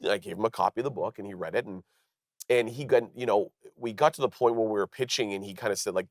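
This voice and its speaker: A man's voice: fast talker, no room sound, clean studio sound. A man in his thirties from Canada, a comedian telling stories as a talk show guest, acting out quoted people. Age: 30s. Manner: lively, acts out quoted dialogue in higher voices. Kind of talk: animated storytelling. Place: television studio.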